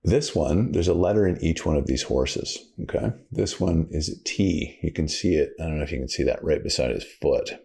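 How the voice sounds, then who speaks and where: Man, very low voice, gravelly, husky, rambling casual storyteller. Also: moderate pace, hardly any pauses, dark tone. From Canada. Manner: rambling storyteller with many fillers. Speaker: podcast host. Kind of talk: casual chat.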